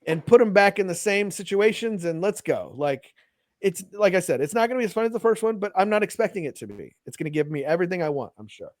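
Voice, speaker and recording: A man co-hosting a podcast, chatting in an excited, rambling way. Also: high-pitched, fast talker, no echo, clean studio sound. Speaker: podcast co-host. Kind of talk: casual chat.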